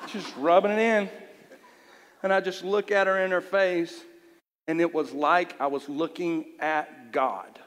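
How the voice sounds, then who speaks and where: A man's voice: sits high, takes it slowly, pauses often, a bit bright. A man giving a sermon, telling a personal story in a candid, earnest way. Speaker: youth leader preaching. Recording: long hall reverb.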